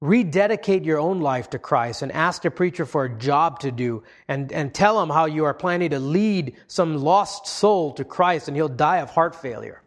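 Man, slightly high voice, earnest sermon delivery, measured pauses. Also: animated. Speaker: pastor.

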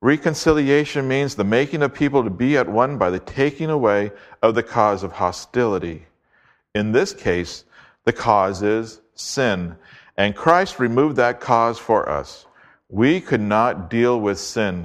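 Male preacher, low-pitched, emphatic and deliberate; expository sermon delivery. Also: expressive. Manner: emphatic, deliberate, slows to stress key words.

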